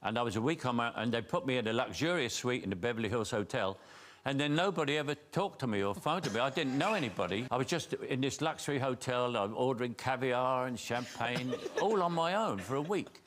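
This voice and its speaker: A man's voice: medium pitch, expressive, a little fast, few pauses, a bit bright, a little hiss or hum. An older man, a talk show guest telling funny stories with dry punchlines and easy chuckles. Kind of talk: anecdotal storytelling. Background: audience laughter.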